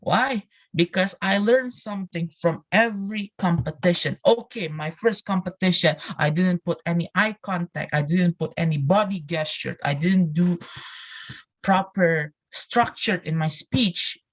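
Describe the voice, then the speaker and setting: A man's voice: high voice, unhurried. Earnest man giving a motivational talk. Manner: earnest, repeats phrases, many restarts and asides; addresses listeners directly with "you know" and "right". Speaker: public speaking presenter in a live English class.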